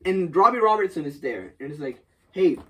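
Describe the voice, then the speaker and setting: A woman's voice: low voice, expressive, fairly quick, sharp tone, husky. A woman co-hosting a podcast, retelling a comic story in casual chat, acting out quotes and swearing freely. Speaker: podcast co-host. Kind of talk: casual comic book recap.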